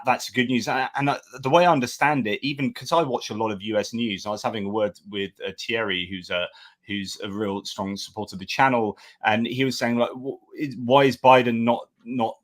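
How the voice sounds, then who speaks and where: A man's voice: on the low side, fairly bright tone. A man appearing as a guest commentator, thoughtfully building up an argument in a discussion. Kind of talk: analytical discussion.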